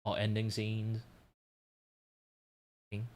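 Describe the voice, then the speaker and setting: Low-voiced relaxed man streaming. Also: drawn-out words, heavy background noise. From Malaysia. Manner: relaxed, rambling and explanatory. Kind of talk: casual live-stream chat while drawing.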